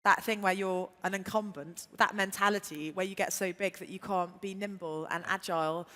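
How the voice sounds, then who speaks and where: A woman's voice: mid-range voice, steady tone, normal speed, sharp tone. A woman entrepreneur speaking on a conference panel, enthusiastic and rambling with fillers. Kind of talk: conversational panel talk. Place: conference hall stage. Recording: hall reverb.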